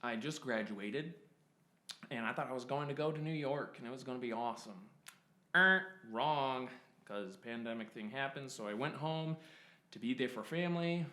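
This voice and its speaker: A man's voice: medium pitch, sharp tone. A young man in his twenties telling a rambling personal story, stopping and restarting often and laughing at himself. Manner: self-interrupting, laughs at himself, many fillers. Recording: roomy echo.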